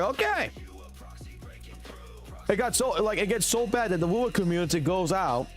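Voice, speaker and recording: A man streaming games and ranting heatedly, with heavy swearing, in casual talk. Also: high-pitched. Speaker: game streamer. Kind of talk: casual gaming stream rant. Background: faint music.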